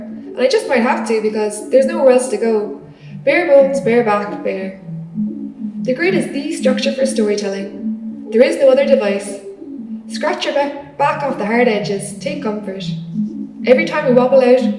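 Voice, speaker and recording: A woman with an Irish accent giving a live spoken-word performance in an art gallery, in a measured, rhythmic, theatrical delivery. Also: a little high, background noise. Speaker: performance artist. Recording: echoey gallery, voice from far off, faint music.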